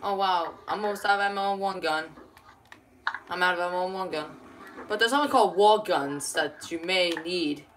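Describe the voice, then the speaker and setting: A woman bantering with a friend while playing a video game, teasing and swearing, laughing often and now and then shouting. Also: on the low side, normal speed, a little hiss or hum. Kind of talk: casual gaming banter.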